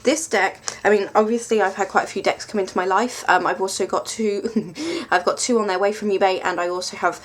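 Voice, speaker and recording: A woman's voice: mid-range voice, fairly even intonation, fairly quick, few pauses. A woman chatting casually through a tarot deck review, rambling and self-mocking with lots of ums.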